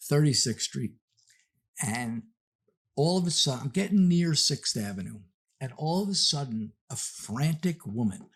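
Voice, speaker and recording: A man hosting a podcast, telling a story in a casual, animated way and acting out the characters. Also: on the high side, breathy edge. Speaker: podcast host.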